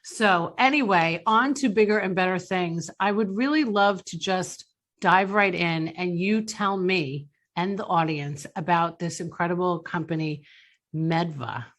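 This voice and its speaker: A woman's voice: lowish voice, unhurried, fairly bright tone. A woman from Long Island with a Long Island accent, hosting an interview in a chatty, playful way that laughs easily. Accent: Long Island New York. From Long Island, New York. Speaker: podcast host. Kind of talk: casual interview chat.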